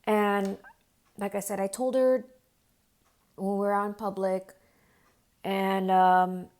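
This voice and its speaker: A young woman vlogger telling a personal story straight to camera, earnest and upset, full of "like" fillers, going hushed when she quotes herself. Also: medium pitch, little pitch movement, slow pace. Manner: earnest, distressed retelling with frequent "like" fillers.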